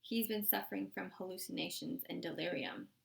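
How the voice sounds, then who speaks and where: A woman's voice: on the low side, fairly quick, creaky. A woman voicing a lying, defensive female camp warden who makes excuses.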